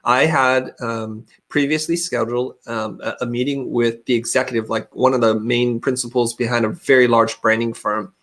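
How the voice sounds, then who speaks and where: A middle-aged man speaks over a video call in a candid, storytelling way. His pitch sits mid-range, and he often restarts his sentences as he works through a story. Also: steady tone, moderate pace, hardly any pauses, a bit bright. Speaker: guest. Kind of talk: webinar interview.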